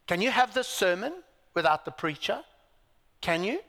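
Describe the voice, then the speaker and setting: A man's voice: sits high, sing-song, moderate pace, fairly bright tone. A man preaching a sermon with emphatic repetition and rhetorical questions to a congregation. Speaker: pastor. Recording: live in a reverberant hall.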